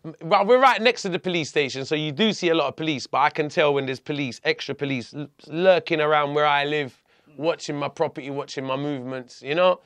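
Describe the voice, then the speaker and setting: A man telling a personal story as a podcast guest, blunt and animated, often restarting his sentences. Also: on the high side, a little fast, no room sound.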